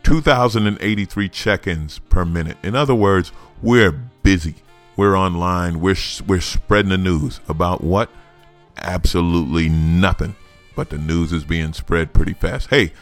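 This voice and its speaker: A man hosting a comedy news podcast, delivering sarcastic, mocking commentary and laughing at his own jokes. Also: low voice. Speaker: podcast host.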